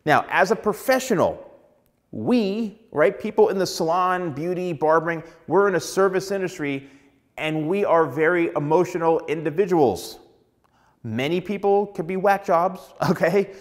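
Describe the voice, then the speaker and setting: A man's voice: sits high, expressive, normal speed. A man who works as a hairstylist, giving casual, chatty advice to the camera and acting out little dialogues along the way.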